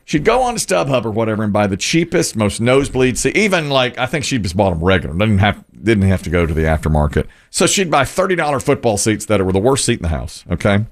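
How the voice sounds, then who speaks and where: Animated, gravelly-voiced male storyteller. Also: lowish voice, quick pace, few pauses. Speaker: radio show host. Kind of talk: casual storytelling chat.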